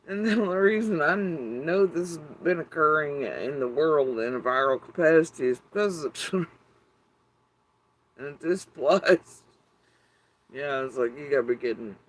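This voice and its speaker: A man's voice: fairly high pitch, a little slow, rough recording. A middle-aged man talking to his YouTube audience in a casual, wry and meandering way, swearing freely. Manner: profane, wry, meandering with fillers. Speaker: YouTube commentator. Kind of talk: casual rambling monologue.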